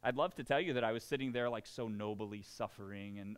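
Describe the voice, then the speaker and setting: A man's voice: mid-range voice, big pitch swings, moderate pace. A man preaching a sermon, acting out quoted voices and laughing at himself. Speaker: pastor.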